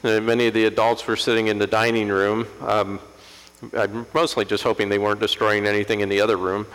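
A man's voice: on the low side, flat delivery, fairly quick, fairly bright tone. An older man preaching a sermon as pastor, telling a family story and rising to impassioned emphasis. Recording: echoey hall with mains hum.

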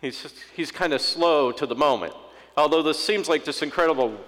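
A man preaching a sermon as pastor, in a relaxed conversational way with humorous asides and quoted inner thoughts. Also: a little high, normal speed, big-room sound.

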